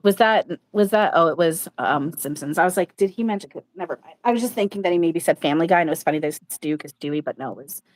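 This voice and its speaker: Woman host on a live stream, kinda low voice, blunt and swears a lot, rambles. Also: animated, quick pace, few pauses. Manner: blunt, swears freely, rambling with many fillers. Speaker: channeler and livestream host. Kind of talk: casual livestream chat.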